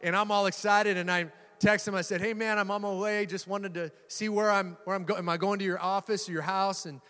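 A middle-aged pastor preaching to his church, his voice sitting high for a man. He tells stories with playful humor and now and then punches a phrase hard for emphasis. The sound carries a long reverb, as in a large hall. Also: fairly quick, clear, resonant tone. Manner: lively storytelling with laughs and bursts of emphasis. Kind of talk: sermon.

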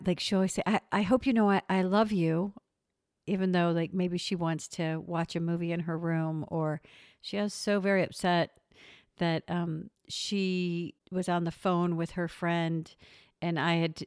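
A middle-aged woman host chatting casually, telling stories with animated restarts and laughs. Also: on the low side, no echo, clean studio sound. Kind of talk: casual chat.

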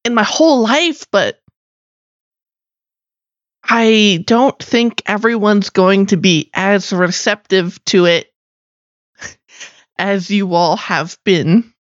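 A woman's voice: mid-range voice, dry recording, highs cut off, natural voice. A woman playing an earnest young woman bound in service to a fae court, speaking thoughtfully with hesitant restarts.

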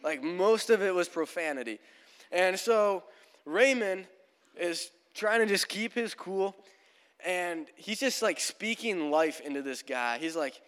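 Young pastor telling a story from the pulpit. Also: male voice, high voice, animated, measured pace, a bit bright, clean tone. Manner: casual, storytelling, frequent "like". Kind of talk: sermon. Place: church sanctuary. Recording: long church hall reverb.

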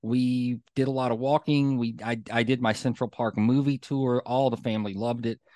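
Male podcast co-host, mid-pitched, chatty storyteller with a close, dry mic. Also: fairly even intonation, normal speed, mellow, no room sound. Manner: chatty storyteller, many fillers, gets fired up. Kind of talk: casual chat.

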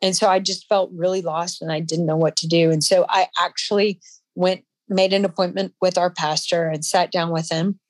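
A woman guest in an interview, telling a personal story in a halting, emotional way with frequent restarts. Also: fairly low pitch, steady tone, no echo.

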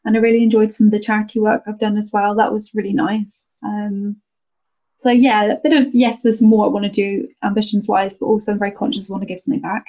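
A woman's voice: mid-range voice, flat delivery, fast, mellow, low-quality recording. Chatty young woman rally driver. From North Wales. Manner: chatty and enthusiastic, many restarts and fillers, laughs often. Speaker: rally driver and podcast co-host. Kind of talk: casual conversational interview.

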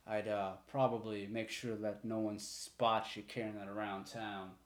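A man's voice: on the low side, level tone, measured pace, lightly acted. A man voicing a practical male guard giving warnings and news, in a roomy space. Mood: matter-of-fact. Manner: matter-of-fact. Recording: roomy echo.

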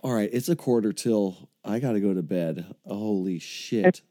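A man hosting a podcast in casual chat, excitable and swearing often as he tells stories. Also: lowish voice, moderate pace, no echo, studio quality. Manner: profane, excitable, animated storyteller. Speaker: podcast host.

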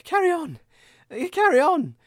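A woman's voice: very high voice, wildly swooping pitch, no room sound, studio quality, heavily acted. A woman playing a sick male radio host who stumbles and trails off in a groggy, melodramatic way in a comedy radio sketch. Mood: sickly. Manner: groggy, halting, dramatically sickly.

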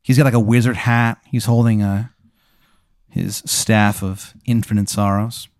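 A man improvising a comic hypothetical story, rambling and animated with lots of fillers. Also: lowish voice, unhurried, no echo, clean studio sound. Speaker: podcast host narrating a hypothetical.

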